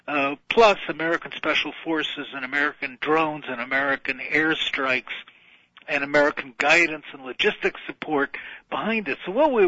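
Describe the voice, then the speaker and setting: A man's voice: on the high side, pushed and bright, no room sound. A man on a radio talk show, explaining foreign affairs in a wry, lecturing way with many fillers. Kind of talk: radio discussion. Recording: dull band-limited radio audio.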